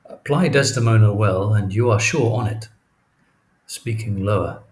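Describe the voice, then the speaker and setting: A man's voice: on the low side, moderate pace, natural voice. A man doing a sly, scheming villain. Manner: sly, insinuating. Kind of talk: audiobook character reading.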